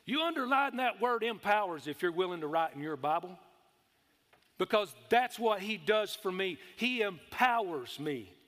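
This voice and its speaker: In this sermon, a man with a high, ringing, slightly bright voice hammers his points home, asking for amens and stretching out the words he most wants to land. The church hall gives the sound a long reverb.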